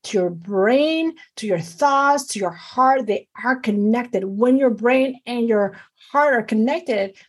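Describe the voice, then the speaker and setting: Middle-aged woman doctor, husky and a touch high, talks fast and emphatically in casual interview chat. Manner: animated, emphatic, many fillers. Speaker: physician guest.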